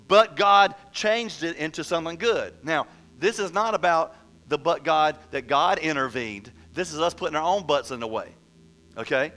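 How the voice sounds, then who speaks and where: A man preaching a sermon in an animated way, acting out Bible figures with a rising voice and often repeating words as he goes. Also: high-pitched. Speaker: pastor.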